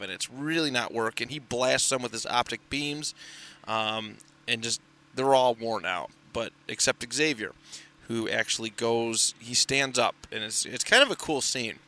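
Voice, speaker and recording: Male co-host, casual and chatty, bright forward voice, lots of ums and restarts. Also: medium pitch. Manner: rambling, filler-heavy recap with frequent restarts. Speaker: podcast co-host reviewing comics. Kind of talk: casual chat.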